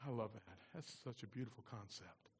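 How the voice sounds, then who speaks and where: A man preaching a sermon as pastor, moving between loud emphatic lines and soft, low-spoken asides. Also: a little fast, in a large hall, a little hiss or hum.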